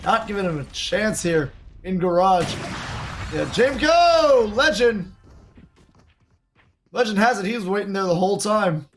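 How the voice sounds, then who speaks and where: A man calling live esports play-by-play, excitable, with quick exclamations and frequent laughs. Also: sits high.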